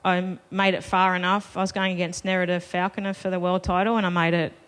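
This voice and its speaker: A woman's voice: lowish voice, little pitch movement, fast talker, a bit bright, smooth. A woman telling a personal story to a live festival audience, chatty and self-deprecating, laughing between lines. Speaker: festival panel speaker.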